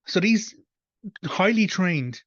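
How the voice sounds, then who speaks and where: A man's voice: sits high, animated, slow, no echo, muffled recording. Frustrated Irish man ranting. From Ireland. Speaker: host. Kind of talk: reaction commentary.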